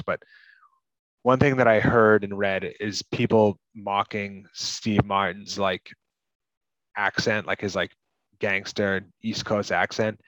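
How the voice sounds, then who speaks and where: A man's voice: on the low side, fairly bright tone, no room sound, highs cut off. A man from Massachusetts co-hosting a casual movie podcast, rambling with lots of "like" and "you know". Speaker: podcast co-host.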